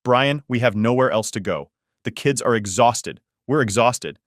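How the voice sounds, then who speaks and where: A man's voice: mid-range voice, moderate pace, no room sound, clean studio sound, natural voice. A man voicing a desperate, pleading sister in a read-aloud family drama story. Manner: pleading, shaky then yelling. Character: desperate pleading younger sister, then furious.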